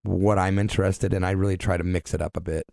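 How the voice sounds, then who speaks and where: Gravelly deep-voiced male radio host. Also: level tone, quick pace, a little mellow, no room sound, studio quality. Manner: easygoing, laughs often. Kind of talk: casual radio chat. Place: radio studio. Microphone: studio microphone.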